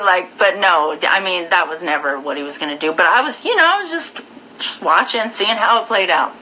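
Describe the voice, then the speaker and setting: Bright, blunt-talking woman streamer. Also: fairly low pitch, normal speed, slight background noise, low-quality recording. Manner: blunt, profane, animated retelling. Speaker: live-stream host. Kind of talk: casual storytelling to viewers.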